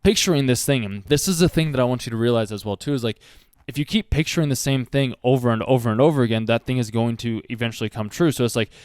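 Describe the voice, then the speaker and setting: A man talks quickly about an anime, drifting into earnest advice and leaning on "like" constantly. His voice is clean and smooth, recorded dry and close with no room sound. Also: mid-range voice, a little mellow, no room sound. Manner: rambling, earnest, heavy use of "like". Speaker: anime reaction host. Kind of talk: casual commentary with life advice.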